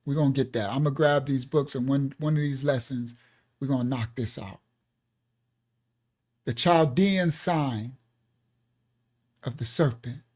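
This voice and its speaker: A man's voice: mid-range voice, unhurried, pauses often, darkish tone. A man leading an online Bible lesson as pastor, talking in a loose, repetitive way with laughing asides.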